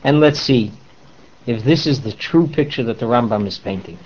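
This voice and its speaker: Man teaching a torah class, animated, dull lo-fi recording. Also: medium pitch, moderate pace, a little hiss or hum. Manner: animated, mixes Hebrew terms into English, rhetorical questions.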